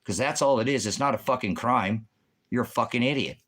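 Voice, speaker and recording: A man's voice: medium pitch, brisk, a bit bright, slightly rough. Profane, combative man ranting. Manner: profane, combative, berating commenters. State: agitated. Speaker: livestream host answering chat. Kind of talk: heated livestream rant.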